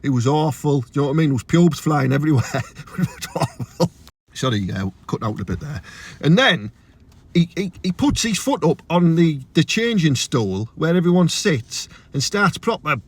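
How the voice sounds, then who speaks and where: A young man with a Teesside accent delivering a crude, swearing comic rant to camera, his voice jumping high when he gets outraged. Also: very animated, moderate pace, breathy edge. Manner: crude, ranting, swears freely, big pitch jumps when outraged. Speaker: comedian.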